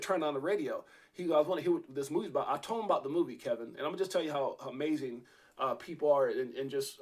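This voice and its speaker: A man hosting an interview, telling a long rambling story with many restarts and fillers. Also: mid-range voice. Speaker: podcast host.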